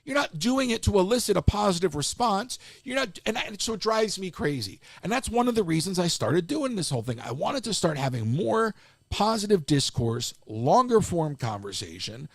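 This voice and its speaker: Animated, gravelly man ranting on a stream. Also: sits high, moderate pace, no room sound, clean studio sound. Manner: exasperated, animated ranting with many restarts. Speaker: live-stream host. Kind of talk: casual live-stream rant.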